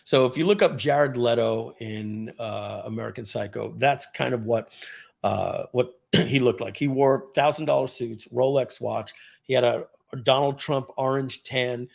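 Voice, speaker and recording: A man, a former car dealership general manager, telling a casual story on a live video, clearing his throat often and drifting into rambling asides. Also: mid-range voice, unhurried.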